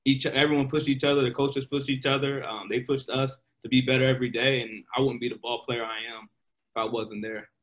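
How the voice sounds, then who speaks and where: A young man, a pro baseball player, telling animated stories in a casual interview, full of fillers. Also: medium pitch, brisk. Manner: animated, excitable, many fillers. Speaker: guest, professional baseball player.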